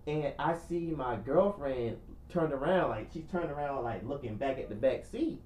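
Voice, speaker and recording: A man's voice: mid-range voice, expressive, normal speed, darkish tone, slight background noise. A man telling a long, profane story on a casual podcast, acting out every line of dialogue. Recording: echoey room.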